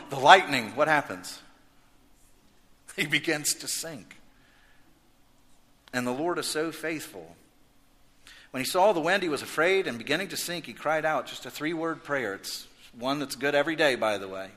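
A man preaching a sermon as pastor, swinging from loud emphasis to hushed intensity. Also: on the high side, animated, moderate pace. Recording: echoey hall reverb.

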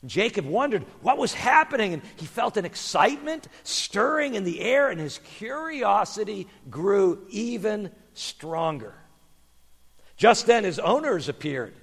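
Expressive, slow male storyteller. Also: sits high, vocal fry, husky, in a large hall. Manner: expressive, animated. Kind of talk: children's story reading.

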